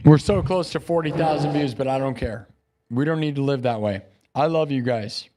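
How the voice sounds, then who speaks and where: A male live streamer giving a boastful, repetitive pep talk to his chat. He swings between loud declarations and quiet musing. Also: mid-range voice, moderate pace. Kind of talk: livestream sign-off pep talk.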